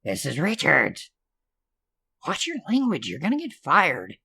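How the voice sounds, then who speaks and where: Man doing a teenage girl, scared, pleading, profane, high-pitched. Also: wildly swooping pitch, a little slow, creaky, pushed and bright, breathy edge, full character voice. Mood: teasing.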